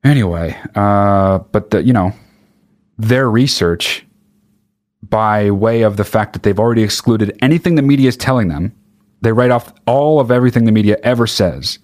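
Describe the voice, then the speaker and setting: A man ranting with sarcasm and heavy swearing, mocking others in high put-on voices. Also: normal speed, darkish tone. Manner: angry, sarcastic, swears a lot. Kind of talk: profane ranting monologue.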